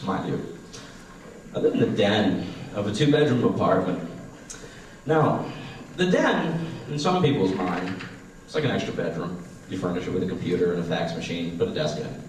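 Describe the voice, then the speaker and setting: A man in his twenties performs a profane, self-deprecating stand-up set on a small stage at a comedy class show. His voice is low, picked up by a distant mic in an echoey room with slight background noise.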